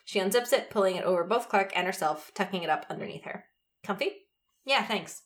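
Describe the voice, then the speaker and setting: A woman co-hosting a podcast and reading fan fiction aloud, lively and quick to laugh, pausing to fix her own misreadings. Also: mid-range voice. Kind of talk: reading a story aloud, with joking asides.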